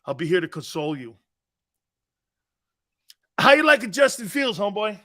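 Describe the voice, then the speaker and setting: A man's voice: sits high, sing-song, moderate pace, sharp tone. A middle-aged man hosting a sports talk show, joking with his crew, laughing often and restarting his sentences.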